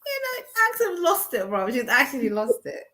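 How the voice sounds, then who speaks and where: A woman's voice: fairly high pitch, huge pitch swings, normal speed, bright, forceful tone, slight background noise. A woman bantering playfully with slang and laughter on a live panel.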